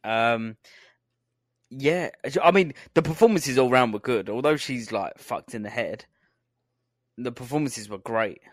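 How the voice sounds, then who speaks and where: Here a podcast co-host speaks a little slowly in an expressive, medium-pitched voice. He keeps the chat casual, laughs often and swears freely, and the sound is dry and studio quality.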